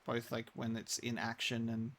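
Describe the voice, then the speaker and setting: A man's voice: mid-range voice, completely flat delivery, moderate pace, a bit bright. A young man chatting casually while live-streaming a game, rambling with many restarts.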